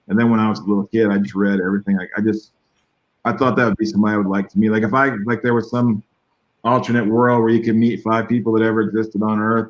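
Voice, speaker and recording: A man, a guest artist, chatting casually over a video call and telling stories in a rambling, animated way with small chuckles. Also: lowish voice, muffled recording. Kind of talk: casual conversation.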